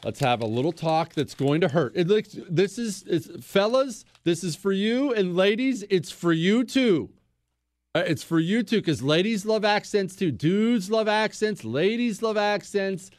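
A man's voice: high-pitched, lively intonation, unhurried, no echo. A middle-aged American man hosting a talk show, bantering and mock-boastful as he answers listener questions. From United States. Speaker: radio talk show host. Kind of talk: casual call-in advice chat.

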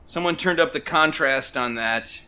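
Man, casual podcast chat, wry asides, bright voice, fairly high pitch. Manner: quick, wry, chuckling asides. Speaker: podcast co-host.

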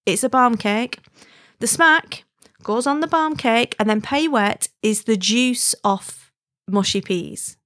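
A woman's voice: fairly high pitch, slow pace, a bit bright, no room sound, clean studio sound. A married woman from Wigan with a Wigan accent, telling a story in an emphatic, chatty way and often asking "right?". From Wigan, northern England. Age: adult, married. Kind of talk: casual storytelling.

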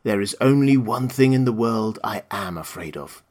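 A man voicing a friendly, simple-hearted male scarecrow in a husky voice, reading a storybook aloud. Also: lowish voice, animated, moderate pace, a little mellow, lightly acted. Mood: earnest.

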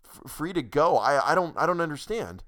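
A man's voice: a little high, sing-song, moderate pace, a bit bright, pitched above the performer's own voice. A man doing a stammering, panicked office worker. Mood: bewildered. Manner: stammering, breathless.

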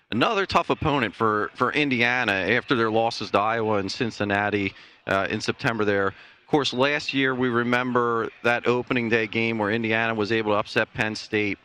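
A man serving as a sportsbook director and guest, measured and informative as he walks through the odds. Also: lowish voice, sharp tone, smooth. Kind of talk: sports betting talk.

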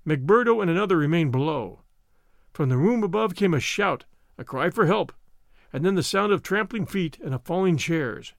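A man hosting a show and reading a story aloud in a measured storytelling manner. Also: a little high, expressive, creaky, dry recording, clean studio sound. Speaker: host and reader. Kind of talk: audiobook narration.

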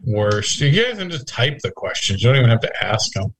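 A man's voice: mid-range voice, sing-song, brisk, fairly bright tone, a little hiss or hum. A man co-hosting a casual podcast chat, teasing and joking, laughing often. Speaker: podcast co-host.

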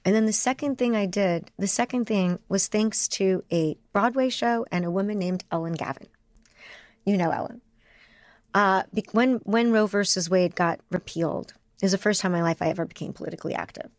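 A woman guest in a candid interview, talking in rapid, emotional bursts and often restarting her sentences. Her pitch sits in an ordinary middle range. The sound is dry and close, with no room in it. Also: no room sound.

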